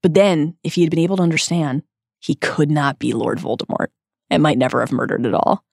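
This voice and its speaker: A woman hosting a podcast, reading a scripted literary analysis in an expressive, emphatic way. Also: low-pitched, a little fast, vocal fry, no echo, clean studio sound. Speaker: podcast host.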